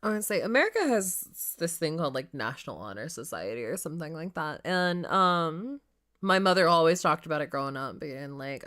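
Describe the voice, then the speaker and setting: A woman co-host in casual chat, low-key, often agreeing along and swearing. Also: expressive, a little fast, fairly bright tone.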